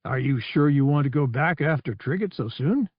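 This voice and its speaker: Admiral Akbar, a gravelly old alien admiral, as the narrator voices him. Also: male voice, medium pitch, animated, no room sound, dull audio. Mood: formal. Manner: formal, measured speech. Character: gravelly elderly alien male admiral, formal and courteous.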